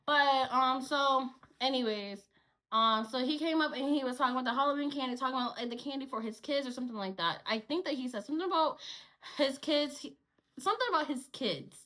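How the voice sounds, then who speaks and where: A young woman telling a casual story about her store cashier job to the camera, animated and repetitive, swearing as she vents. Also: high-pitched, brisk.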